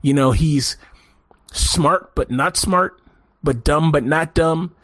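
A man's voice: a little high, slow, no room sound. A man co-hosting a podcast, talking through a movie review in loose, rambling casual chat. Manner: rambling, animated, restarts a lot. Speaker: podcast co-host.

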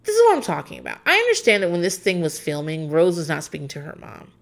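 A woman's voice: on the low side, huge pitch swings, fast talker, vocal fry. A woman in her thirties, casually and opinionatedly recapping a reality show as a podcast host, rambling with plenty of fillers. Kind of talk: casual chat.

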